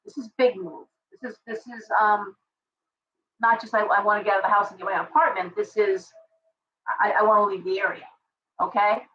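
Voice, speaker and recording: A middle-aged woman hosting a casual livestream tarot reading, chatty and ranting with animated asides. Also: medium pitch, a little fast, far from the mic, highs cut off. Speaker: tarot reader and live stream host.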